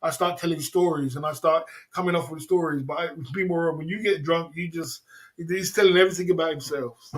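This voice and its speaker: A man's voice: a little high, steady tone, brisk. A man hosting a livestream, telling rambling stories between laughs in casual chat. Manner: reads viewer comments aloud. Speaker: livestream host.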